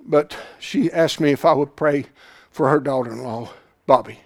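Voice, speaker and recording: A man preaching a sermon, fervent and repetitive, swinging between hushed storytelling and excited exhortation. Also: mid-range voice, normal speed, gravelly. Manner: repeats phrases for emphasis.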